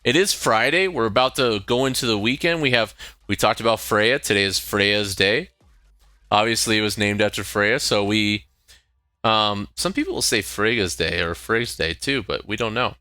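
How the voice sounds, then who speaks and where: A man's voice: lowish voice, moderate pace, sharp tone, no echo, clean studio sound. A young man chatting casually on a live stream, rambling and laughing often.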